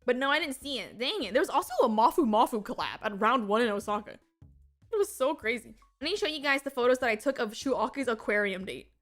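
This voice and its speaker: Young woman, high voice, excitable, rambling casual stream chat, faint music behind. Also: a little fast. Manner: excitable, rambling, heavy use of "like". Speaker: VTuber streamer.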